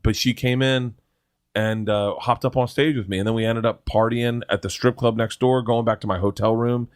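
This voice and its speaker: A man's voice: mid-range voice, steady tone, normal speed, smooth, no echo, studio quality. A middle-aged man, a guest comedian, telling rambling, laughing, profane anecdotes in casual chat. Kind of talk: casual storytelling.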